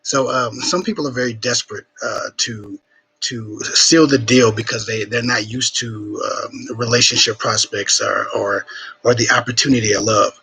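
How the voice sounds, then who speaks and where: A man hosting a live Q&A, giving frank dating advice in casual chat, swearing freely and filling pauses with ums, sniffling a bit, streaming from home. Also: mid-range voice, steady tone, creaky, pushed and bright, breathy edge, rough recording. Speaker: relationship advice livestream host.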